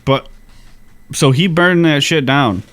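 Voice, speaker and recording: A man's voice: on the high side, takes it slowly, a bit bright. A man co-hosting a history podcast, explaining in a laid-back, wry way with plenty of swearing. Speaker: podcast co-host. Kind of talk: casual history podcast chat.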